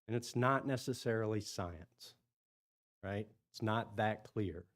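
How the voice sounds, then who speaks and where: A man's voice: lowish voice, takes it slowly, a bit bright. A man presenting at an engineering seminar in a meeting room, chatty, often repeating words and asking the audience questions. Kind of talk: conference talk to engineers.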